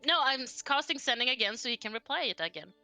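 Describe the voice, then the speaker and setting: Woman player, bright higher voice, playful and giggly, faint music. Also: animated, quick pace. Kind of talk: tabletop game banter.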